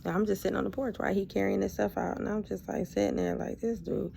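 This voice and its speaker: A woman recounting a personal story to her viewers in an easy, chatty way, circling back with asides. Her mid-pitched voice carries a strong, gravelly fry throughout. Faint noise sits under the recording. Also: fast talker. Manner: animated, acts out both sides of a past argument; loose and conversational, full of "like" and trailing asides. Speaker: vlogger sharing a personal story.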